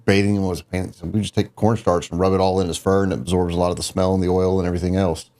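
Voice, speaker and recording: A man with a low, deep voice, chatting casually. He talks in a matter-of-fact way and gives practical advice plainly. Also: level tone, very fast, darkish tone. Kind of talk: casual chat.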